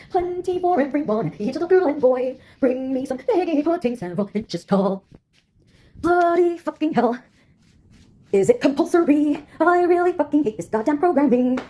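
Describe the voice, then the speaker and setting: A woman's voice: high-pitched, mellow. A woman voicing an unhinged female villain who taunts and goads a giant, swearing and breaking into singsong. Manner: erratic, swearing, singsong outbursts.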